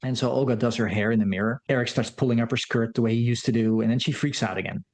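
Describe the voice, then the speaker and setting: A man's voice: mid-range voice, steady tone, fast, darkish tone. Man casually recapping a film. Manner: rambling, full of fillers and restarts. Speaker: film commentator.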